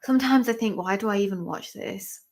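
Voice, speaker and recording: A woman hosting a live fight-watching stream, chatty and excitable, with lots of exclamations and fillers. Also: medium pitch, a little fast. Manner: chatty, filler-heavy talk. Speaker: livestream host.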